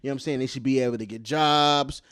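A man's voice: mid-range voice, fairly even intonation, fast talker, a bit bright, clear, resonant tone, no echo, studio quality. A man co-hosting a podcast, talking emphatically and profanely in a casual chat. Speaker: podcast co-host.

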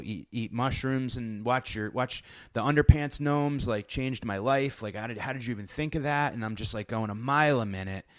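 Man, 30s, podcast host; low, smooth voice, dry close sound; loose, swearing, self-mocking storyteller. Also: dry recording. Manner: rambling, profane, self-deprecating, many fillers and restarts. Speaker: podcast host and stand-up comic. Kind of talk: casual storytelling monologue.

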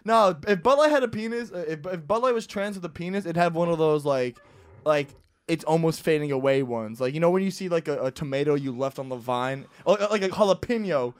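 A man hosting a podcast, telling crude stories in a rambling, animated casual chat. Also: a little high, a little fast, dry recording. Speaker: podcast host.

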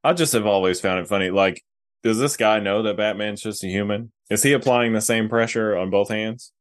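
Deep-voiced laid-back man, dry sound. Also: brisk, dry recording. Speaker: podcast co-host. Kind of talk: casual chat.

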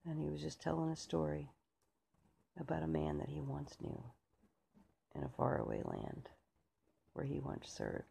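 A man giving a theatrical poetry recitation, swinging between loud swells and hushed whispers. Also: on the high side, expressive, moderate pace, vocal fry, pauses often, slight background noise. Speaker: poetry reader.

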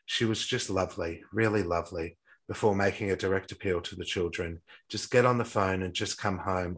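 A man's voice: deep voice, breathy edge, low-quality recording. A man retelling a true crime case from notes in casual talk, stumbling and restarting often. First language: not English-accented, says his English accent is poor.

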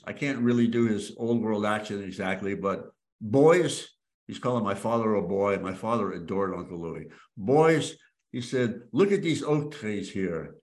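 A male storyteller speaking on a video call, telling a personal story with lively emphasis and frequent restarts. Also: medium pitch. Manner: warm-hearted, many restarts, animated emphasis.

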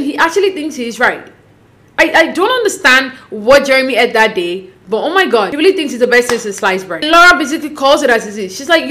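A woman talks through a reality show recap in a relaxed, chatty way. Her voice sits a little high, and she gets expressive and sassy, jumping up in pitch when something surprises her. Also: quick pace. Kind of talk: casual recap commentary.

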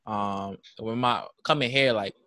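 Laid-back young man, low voice. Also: measured pace, sharp tone, dry recording. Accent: New York. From Jamaica. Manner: rambling, full of "like" fillers. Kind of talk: casual chat.

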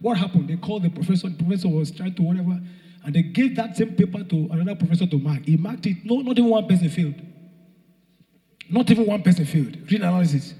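High-voiced man preaching in a reverberant hall. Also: fast talker. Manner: rousing, shouts and sings phrases, asks the congregation. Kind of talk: sermon. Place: church hall.

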